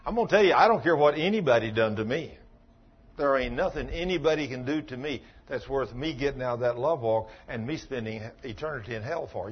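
A man's voice: on the high side, fairly quick, slightly rough, muffled recording. A man preaching a sermon as pastor, telling folksy stories in a plain-spoken, emphatic way.

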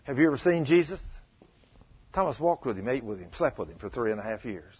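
A man's voice: mid-range voice, sing-song, quick pace, husky. A man preaching a sermon, telling the story with dramatic quotes and asking the congregation questions. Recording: dull lo-fi sound.

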